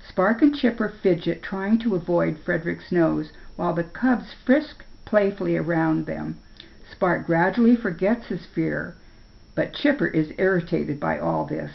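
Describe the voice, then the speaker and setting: An older woman reading a children's story aloud in a slow, careful way. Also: lowish voice, creaky. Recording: dull lo-fi recording.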